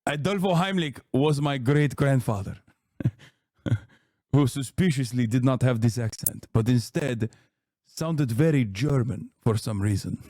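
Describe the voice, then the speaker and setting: A man's voice: mid-range voice, expressive, measured pace, a little mellow, no room sound, clean studio sound. A man in his thirties giving sarcastic, joking live-stream commentary as he reacts to a clip. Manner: sarcastic, joking, laughs often.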